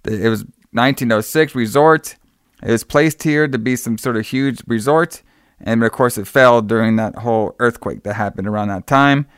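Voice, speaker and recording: Easygoing man with a smooth, resonant voice who rambles through a movie recap, full of fillers and swearing. The sound is dry and close. He speaks at a mid pitch. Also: normal speed, no room sound. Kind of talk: casual movie recap chat.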